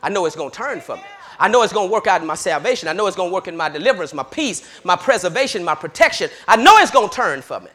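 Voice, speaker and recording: Man, preaching, bright sharp tone, animated, laughs between lines. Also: quick pace, hardly any pauses. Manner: fervent, swinging from loud hollering to low murmurs, laughs often. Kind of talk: sermon.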